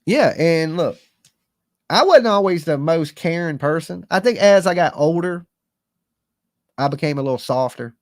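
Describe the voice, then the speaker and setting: A man's voice: fairly high pitch, expressive, moderate pace, pauses often, dry recording, studio quality. A man in his forties, a live-stream host, talking casually in a rambling, earnest and folksy way with slang to his viewers.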